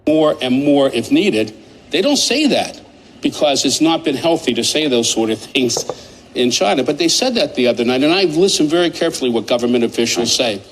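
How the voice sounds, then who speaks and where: A man talks through market analysis in an animated, rambling way, pressing his points hard. His voice sits at a middling pitch. Faint noise runs underneath. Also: a little fast, low-quality recording. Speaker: market commentator.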